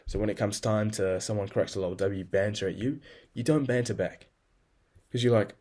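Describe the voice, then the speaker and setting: Lower-voiced man scolding himself. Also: moderate pace, a little mellow. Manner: scolds himself in the second person; blunt and profane. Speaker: video journal keeper. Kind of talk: casual self-talk journal.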